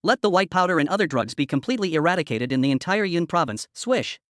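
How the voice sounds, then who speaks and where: A man recounts a story recap in a rapid, even storytelling voice. His pitch sits a little high and he moves fast. The sound is dry and close. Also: dry recording. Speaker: recap narrator.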